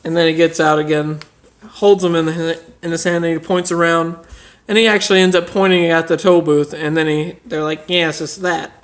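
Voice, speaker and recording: A podcast co-host improvising a comic story, halting and full of fillers, often giggling. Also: medium pitch, steady tone.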